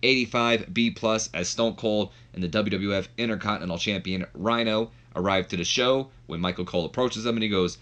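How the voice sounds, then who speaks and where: A man's voice: lowish voice, fairly quick, hardly any pauses, a bit bright. A man giving casual, rambling commentary on a wrestling management game playthrough. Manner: rambling, filler-heavy.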